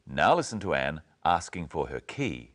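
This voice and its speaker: Man, very low voice, wide-ranging intonation, scripted lesson narration, slow clear teaching. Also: sing-song, noisy background. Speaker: presenter.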